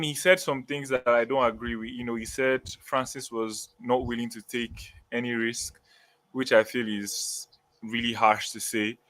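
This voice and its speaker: A man speaks as co-host in a relaxed live stream, building his point step by step with frequent "you know"s. His pitch is ordinary. The sound is dry and close. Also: no room sound. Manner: measured, reasoning aloud with hedges. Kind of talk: casual live-stream chat.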